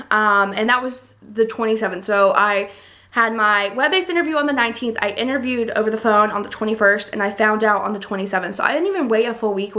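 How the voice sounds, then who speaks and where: A young woman in college telling a personal story in a casual, chatty vlog, full of fillers. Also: mid-range voice. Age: young adult. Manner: chatty, lots of likes and ums, gets excited retelling. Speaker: college student vlogger.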